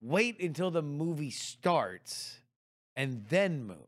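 A man's voice: on the high side, very animated, takes it slowly, fairly bright tone. A man with a slightly raised voice teases his co-host bluntly and swears freely. He talks in casual podcast chat. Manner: blunt, profane teasing.

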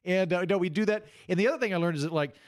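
A man who worked as a substitute teacher, telling comic stories in casual chat with deadpan punchlines. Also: high voice, racing, no echo, studio quality. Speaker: podcast guest, former substitute teacher. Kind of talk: casual comedic storytelling.

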